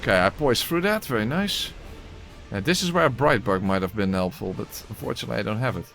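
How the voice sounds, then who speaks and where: A man's voice: lowish voice, lively intonation, fast, creaky, a bit bright, faint music behind. A man giving casual gameplay commentary and voice-over narration, exclamatory, swearing, with wry asides.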